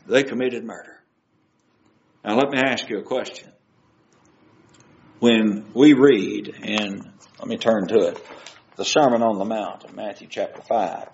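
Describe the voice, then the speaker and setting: A man's voice: fairly low pitch, gravelly, reverberant, dull audio, slight background noise. A man preaching a sermon, asking his listeners question after question. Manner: asks the audience many questions.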